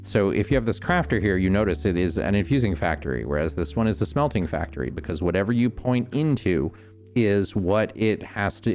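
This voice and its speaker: A man streaming a game, calmly explaining each step as he builds and thinking aloud. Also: deep voice. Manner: relaxed, many ums and restarts. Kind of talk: casual gameplay commentary.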